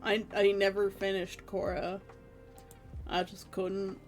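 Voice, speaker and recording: A woman in her thirties chatting casually with her stream viewers, animated and laughing often. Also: mid-range voice, slow, soft background music.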